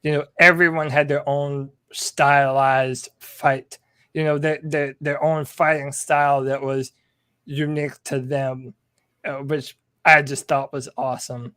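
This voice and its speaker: A man co-hosting a podcast in casual chat, excitable and peppering his talk with "dude.". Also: on the high side, measured pace, smooth, no echo, clean studio sound. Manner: excitable, says "dude" often. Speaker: podcast co-host.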